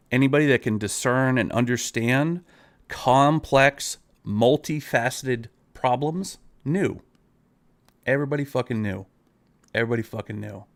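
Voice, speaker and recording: A man's voice: mid-range voice, vocal fry. A man ranting at his viewers in a live video, profane and exasperated, talking straight at them. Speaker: online creator.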